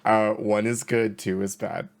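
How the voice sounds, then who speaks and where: Slow, halting male game master. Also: on the low side, little pitch movement, noisy background. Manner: laughs often, halting, lots of fillers. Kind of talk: narrating a tabletop game.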